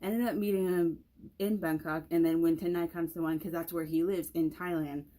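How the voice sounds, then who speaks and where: A young woman chats through a storytime vlog in a lowish, mellow voice. She rambles, restarts and fills her sentences with "like". It is a relaxed, casual telling. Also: normal speed. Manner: rambling, many "like" fillers and restarts. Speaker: vlogger.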